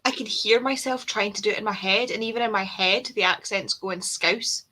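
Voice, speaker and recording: Woman with a bit of a husky voice rambling on explaining stuff to friends, middle pitch. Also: fairly quick, pushed and bright. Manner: explains things in a rambling, chatty way. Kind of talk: casual chat among friends.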